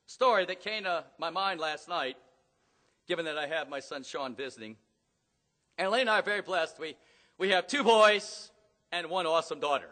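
A middle-aged man preaching a sermon in a church, telling stories dramatically and rising to loud emphatic peaks. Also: high voice, expressive, fairly quick. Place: church hall. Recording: long hall reverb.

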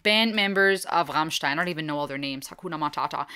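A woman's voice: deep voice, fast, hardly any pauses, pushed and bright, smooth. A woman from Germany hosting a reaction video, chatting casually, thinking aloud and dropping in German phrases. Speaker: reaction channel host.

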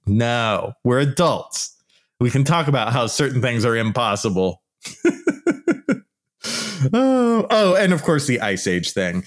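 Podcast host, male, exasperated blunt ranter, mid-pitched with a lively, swooping delivery. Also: slow, long pauses. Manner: exasperated, emphatic, blunt and profane; mocks opponents in put-on voices. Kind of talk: casual ranting monologue.

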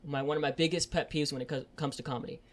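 A young man hosting a casual podcast chat, swearing constantly and ranting, getting louder and higher as he heats up. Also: steady tone, racing. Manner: swears constantly, rants and gets loud and high when heated. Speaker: podcast host.

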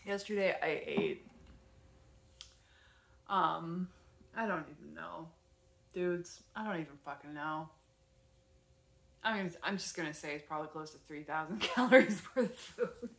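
Slow-talking woman rambling in an echoey room. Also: low voice, vocal fry, slight background noise. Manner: rambling, animated retelling with many fillers. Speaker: vlogger. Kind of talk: casual storytelling vlog. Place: her apartment.

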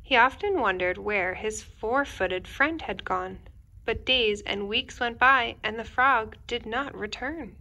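A young woman, a teacher, reading a picture book aloud to children indoors in a gentle, expressive way, speaking to the kids directly. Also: a little high, takes it slowly. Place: indoors at home.

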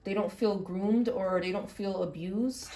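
Woman tarot reader, halting, repeats herself, faint music behind. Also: medium pitch, warm tone. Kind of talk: intuitive tarot reading.

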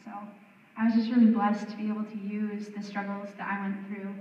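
A woman's voice: mid-range voice, level tone, brisk, mellow. A young woman giving an earnest personal testimony at a campus gathering, full of "um" and "like". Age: young adult. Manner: earnest, many fillers like "um" and "like". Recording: roomy hall, distant mic, dull sound.

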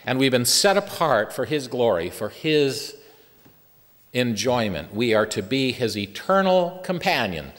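A middle-aged man preaches with earnest conviction, drawing out important words slowly. His pitch swings widely from phrase to phrase. The voice rings out with a long reverb of a church hall. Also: sing-song, fairly bright tone. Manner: earnest, stretches key words slowly for emphasis. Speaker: Bible teacher. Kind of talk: sermon.

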